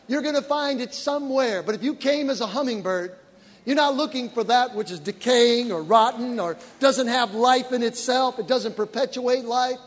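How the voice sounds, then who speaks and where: A man, a pastor, preaching a sermon with animated storytelling that rises to shouted praise. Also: extremely high pitch, normal speed. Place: large church auditorium. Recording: long reverb of a large church hall with congregation. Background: faint congregation.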